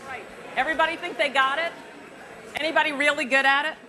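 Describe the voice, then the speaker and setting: A middle-aged woman, a journalist, teaching an interview workshop to students through a lapel mic, chatty and lively, drawing the room in with questions. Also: high voice, quick pace, crowd noise, noisy background. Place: university forum hall. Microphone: lavalier.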